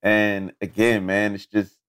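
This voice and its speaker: A man's voice: lowish voice, flat delivery, slow pace, a bit bright, smooth. A man who is a journalist and author, a guest on a podcast, chatting casually, easygoing and often laughing.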